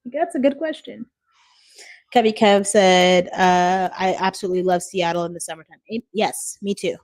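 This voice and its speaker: A chatty woman from Washington State streams live from home using her phone, reading out viewer comments and laughing often. Her voice is mid-range and her pace a little slow.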